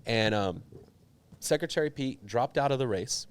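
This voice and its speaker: A young man, a politician, telling a personal story in an interview, earnest and animated, with many fillers. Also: medium pitch, moderate pace, clean tone. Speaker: politician guest.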